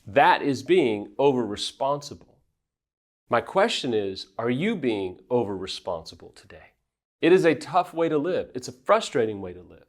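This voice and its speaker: A man's voice: mid-range voice, big pitch swings, moderate pace. A man coaching couples in affair recovery, speaking directly to viewers in an earnest, emphatic way with self-deprecating asides. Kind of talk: direct advice talk to viewers.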